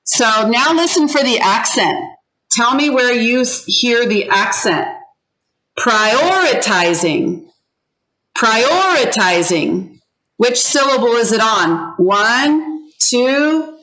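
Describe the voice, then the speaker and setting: Slow, bright-voiced woman teaching online. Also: a little high, animated, rough recording. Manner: slow, drawn-out modelling of words for learners to repeat. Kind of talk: online pronunciation lesson. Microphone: video call.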